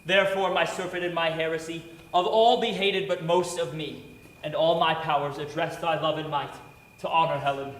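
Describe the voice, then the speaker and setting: A man's voice: on the high side, fairly even intonation, normal speed, fairly bright tone, natural voice. A young man playing an ardent young lover, declaiming verse earnestly on stage in an echoey hall, heard from a distance. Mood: resolute. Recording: echoey hall from far off, with noise.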